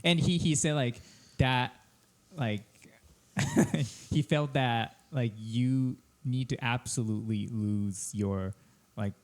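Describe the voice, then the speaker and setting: A man, a comedian telling a story on a podcast, halting and repeating words and laughing as he goes. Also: medium pitch. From Japan. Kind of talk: casual storytelling.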